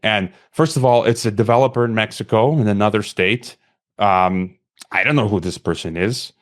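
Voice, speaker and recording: A man's voice: fairly low pitch, moderate pace. Impassioned rambling male podcast host. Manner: impassioned, rambling with many restarts. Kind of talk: conversational interview question.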